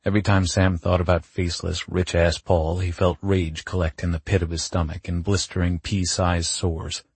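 A man narrating an audiobook in a wry, measured reading. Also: deep voice, little pitch movement, breathy edge, dry recording. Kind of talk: scripted narration.

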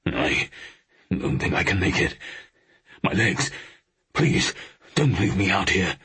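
A man's voice: low-pitched, sing-song, slow, sharp tone, breathy edge, exaggerated voice. A man voicing a cocky young male Luftwaffe officer in an audiobook, speaking in a breezy, mocking way. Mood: pleading.

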